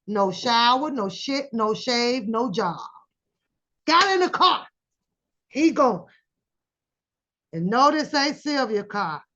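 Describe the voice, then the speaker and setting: A woman hosting a casual commentary channel, telling a story with lively acted-out quotes. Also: sits high, dull audio. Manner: animated storytelling, acts out quoted voices.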